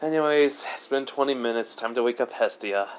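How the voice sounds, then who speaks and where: A man's voice: medium pitch, fairly quick, clean tone. A man telling an improvised fan story in a rambling way, full of fillers and self-corrections. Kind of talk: improvised fan-fiction narration.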